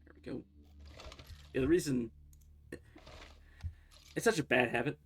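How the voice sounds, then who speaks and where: A man streaming a game, talking through his play in a loose, rambling way and often correcting himself mid-sentence. His voice has a gravelly, creaky edge, with faint music and keyboard typing behind him. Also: mid-range voice, a little slow. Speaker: livestreamer playing a game. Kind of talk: casual gameplay commentary.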